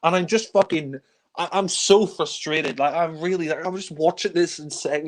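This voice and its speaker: A man reviewing films in a casual chat, exasperated and swearing freely, sometimes mimicking characters with shouts. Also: fairly high pitch, moderate pace. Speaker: film reviewer. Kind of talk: casual film discussion.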